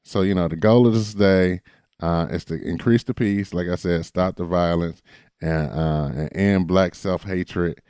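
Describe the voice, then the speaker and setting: A man's voice: deep voice, steady tone, a little slow, darkish tone, smooth, dry recording, clean studio sound. A man co-hosting a podcast in casual chat, laid-back and blunt. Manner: laid-back, blunt, calls people baby. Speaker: podcast co-host.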